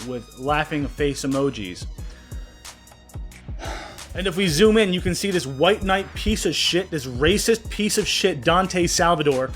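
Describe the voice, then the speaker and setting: A man hosting a commentary vlog, talking with raw anger and swearing, his voice dropping low when upset. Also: expressive, a little slow, a bit bright, faint music behind. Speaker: political commentary vlogger.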